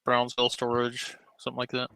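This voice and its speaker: A male host chats casually and lobs mocking, sarcastic questions. His voice is bright and forward, with a close, dry sound and no room echo. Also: mid-range voice, monotone, fairly quick, creaky, smooth. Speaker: show host reacting to a clip. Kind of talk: casual chat.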